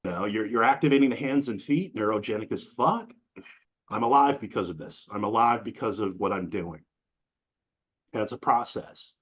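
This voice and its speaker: A middle-aged man chats as an interview guest, acting out quotes as he tells animated stories. His voice is husky and slightly breathy. The recording sounds dull and lo-fi. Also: on the low side, moderate pace. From New England. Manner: animated storytelling with acted-out quotes, casual slang. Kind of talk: casual interview conversation.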